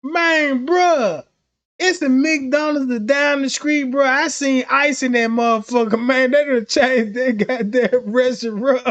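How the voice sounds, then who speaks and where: A man's voice: extremely high pitch, steady tone, slow pace, fairly bright tone. A man on a livestream runs through a comedic rant full of profanity and slang. He rambles from one point to the next and keeps cutting himself off. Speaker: livestream host.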